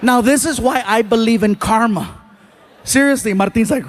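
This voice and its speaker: High-voiced man telling a comedy story. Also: normal speed. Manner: animated, acts out voices and shouts. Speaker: stand-up comedian. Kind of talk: stand-up storytelling.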